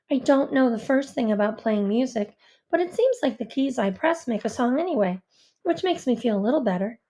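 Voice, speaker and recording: Soft-spoken woman reading an audiobook. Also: on the high side. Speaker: audiobook narrator. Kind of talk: first-person audiobook narration.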